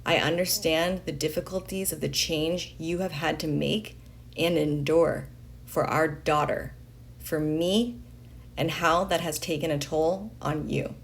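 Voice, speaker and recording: A woman reading a letter aloud in a slow, deliberate way, pausing between phrases. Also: low voice, steady tone. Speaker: reader of a letter.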